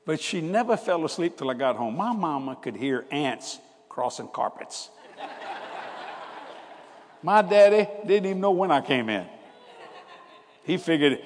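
An older male preacher works through a humorous, storytelling sermon, laughing often and jumping from loud bursts to hushed asides. His pitch rises and falls with lively range. The voice carries a long hall reverb over a faint noise floor, as in a church sanctuary. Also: normal speed, long pauses.

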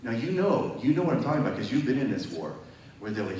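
A man preaching to a congregation, emphatic and chatty, often checking in with the audience. His voice is mid-pitched and heard from a distance. The sound is washed in a strong echo from a large hall, with faint ambient noise behind him. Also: big pitch swings, fast, a little mellow. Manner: emphatic and conversational, often asks the audience questions. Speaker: preacher giving a testimony. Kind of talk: sermon testimony. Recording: very echoey hall, mic far off.

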